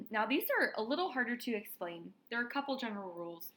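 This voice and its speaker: A woman's voice: fairly high pitch, expressive, fast talker, fairly bright tone. A woman writing instructor giving a recorded lecture, talking students through example sentences and checking in with frequent "all right".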